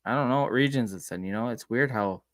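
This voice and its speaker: A man's voice: mid-range voice, fast, fairly bright tone, no room sound. A man from Minnesota co-hosting a casual podcast, laughing often and swearing casually. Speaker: co-host.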